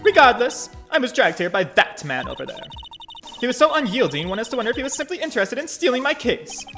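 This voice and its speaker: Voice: mid-range voice, big pitch swings, fast talker, sharp tone, faint music behind, pitched above the performer's own voice. A gamer reading the lines of an arrogant young female prosecutor in a cold, haughty way.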